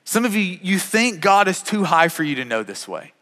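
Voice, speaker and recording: A man's voice: high-pitched, sing-song, normal speed, a bit bright, big-room sound. A man in his thirties preaching a sermon as a pastor, earnest and often repeating words as he talks.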